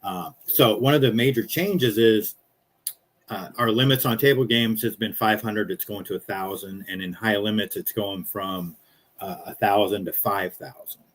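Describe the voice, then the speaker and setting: Easygoing low-voiced man chatting. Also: normal speed. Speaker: podcast host. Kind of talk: casual chat.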